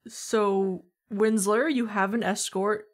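A woman's voice: medium pitch, fairly even intonation, slow. A woman playing a tabletop game, talking hesitantly with lots of fillers and giggles. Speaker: player.

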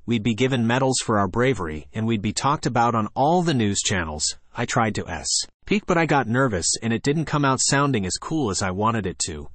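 A man's voice: mid-range voice, animated, fairly quick, few pauses, fairly bright tone, no room sound. A man narrating a children's chapter book in first person with playful storytelling. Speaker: audiobook narrator.

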